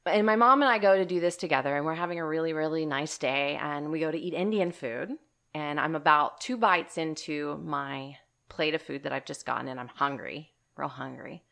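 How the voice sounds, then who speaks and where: A woman co-hosting a podcast, telling a story in casual chat, animated and emphatic, calling her listeners y'all and swearing casually. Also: deep voice, brisk, creaky. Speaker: podcast co-host.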